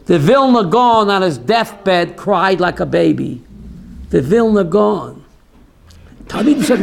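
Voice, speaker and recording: High-voiced rabbi teaching slowly, gravelly. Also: male voice. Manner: call-and-response, asking the class "what?"; animated, drops into quoted voices. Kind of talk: teaching a class on Jewish theology.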